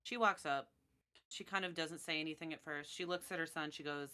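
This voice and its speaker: A woman's voice: low-pitched, fairly even intonation, brisk, bright, forceful tone. A woman narrating as game master in a casual, laughing way.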